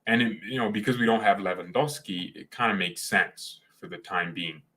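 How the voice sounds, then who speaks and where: Brief: male fan host, casual watchalong commentary, lower-pitched but bright and forceful, rambling hot takes. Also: normal speed. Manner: opinionated, rambling, slangy.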